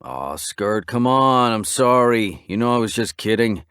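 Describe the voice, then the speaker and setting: A man's voice: fairly low pitch, lively intonation, unhurried, a bit bright, smooth, no room sound, clean studio sound. A man doing a whiny, hungry biker. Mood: wheedling. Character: tired, hungry biker man, joking and pleading.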